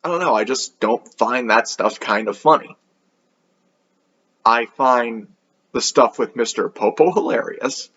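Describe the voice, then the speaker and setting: A man's voice: medium pitch, a little slow, long pauses, sharp tone, breathy edge. Guy doing a casual anime review, sarcastic and rambly, average voice, kinda muffled lo-fi audio. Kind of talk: casual video review commentary.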